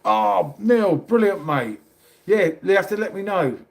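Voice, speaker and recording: Middle-aged London man, livestream host, chatty and matey, slightly higher voice. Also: animated, unhurried, gravelly. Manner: chatty, matey, calls everyone mate. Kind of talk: casual live chat reading comments.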